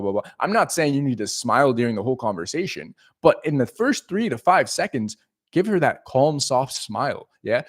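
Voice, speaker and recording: A man giving an animated, profane casual monologue as a dating coach. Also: medium pitch.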